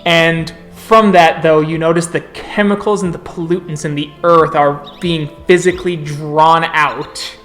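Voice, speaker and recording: A man narrating as game master of a tabletop game, describing scenes slowly and in detail. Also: a little high, steady tone, fairly bright tone, faint music behind.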